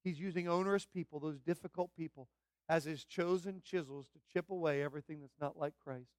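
A man's voice: on the high side, brisk, clear, resonant tone, dry recording. Fervent preaching man, dry close sound. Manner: fervent preaching, builds to loud emphatic repetition. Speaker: pastor. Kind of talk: sermon.

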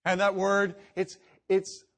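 A man preaching with a fairly high voice. He delivers his sermon emphatically, rising to loud declarations and dropping to quiet asides, and he sometimes acts out the voices he quotes. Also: monotone, takes it slowly. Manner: emphatic preaching, shifts between loud and hushed. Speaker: pastor.

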